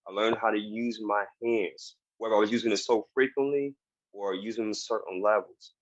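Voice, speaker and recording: A man's voice: lowish voice, steady tone, normal speed, no echo. A man speaking earnestly and emphatically as a guest in a motivational interview, recorded over a video call. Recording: dull, dry video call audio.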